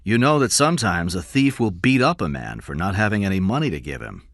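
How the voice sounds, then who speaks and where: A man reading aloud and voicing a calm male police officer who speaks matter-of-factly. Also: lowish voice, a little fast, dry recording, clean studio sound, voice pushed up.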